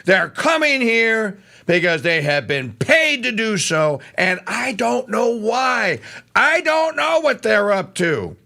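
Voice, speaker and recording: A talk radio host from Louisiana rants through a heated political monologue. His voice is gravelly and bright, and his pitch leaps about with lively swings. He drops to muttering asides, then climbs to shouting. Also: slow pace.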